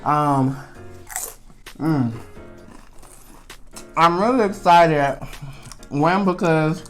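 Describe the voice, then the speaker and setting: A man's voice: fairly high pitch, very slow, soft background music. A young man in his twenties, hosting a casual mukbang food vlog in a laid-back, chatty way and laughing easily.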